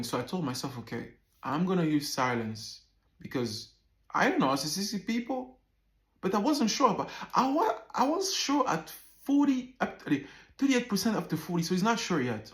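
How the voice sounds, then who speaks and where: A man in his thirties tells a personal story to camera, animated and loose, often repeating himself and swearing freely. His voice sits a little high for a man. The sound bounces around a roomy, echoey space. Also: normal speed. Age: 30s. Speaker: vlogger.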